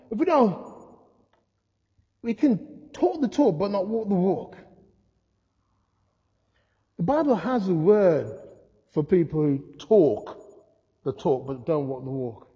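An older man preaching a sermon, telling stories with humor and lively asides. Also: high voice. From England. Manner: storytelling, humorous, animated asides. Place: church hall. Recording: muffled sound in a reverberant hall.

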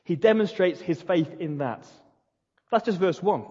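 A man's voice: high-pitched, lively intonation, a little slow, a little mellow, husky. A male pastor preaching a sermon, retelling a story in an earnest, emphatic way. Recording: dull lo-fi recording in a reverberant hall.

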